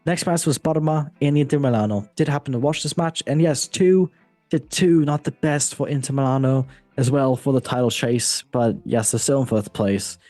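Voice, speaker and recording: Mellow-voiced football podcast host. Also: male voice, medium pitch, normal speed, no echo, faint music behind. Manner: relaxed, joking, reads results in a steady run. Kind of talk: casual football chat.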